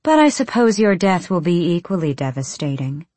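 A woman's voice: fairly low pitch, very animated, a little mellow, no room sound. A woman voicing a cruel villainous princess who taunts her captives coldly and without hurry. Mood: taunting. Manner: taunting, cold, unhurried.

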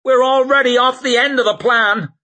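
A man voicing a tough, blunt young woman driving a runaway wagon, shouting urgently. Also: very high voice, fairly even intonation, moderate pace, voice pushed up.

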